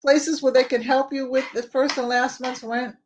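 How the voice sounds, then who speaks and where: A woman's voice: high-pitched, flat delivery, moderate pace, background noise. An older woman chatting casually with live viewers in her home kitchen, rambling and greeting them by name. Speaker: home vlogger. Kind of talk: casual live-stream chat while cooking.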